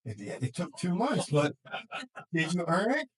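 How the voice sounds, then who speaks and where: A middle-aged man, a school counselor, talking casually to a room of students and parents, acting out quick quoted voices and often laughing. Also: high voice, big pitch swings, slightly rough, rough recording. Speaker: school counselor and life coach. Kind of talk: casual talk to a group.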